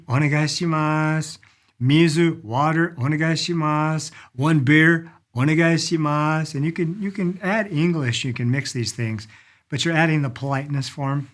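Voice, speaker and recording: Lively man teaching polite phrases. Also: fairly high pitch. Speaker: language teacher. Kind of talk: casual spoken lesson.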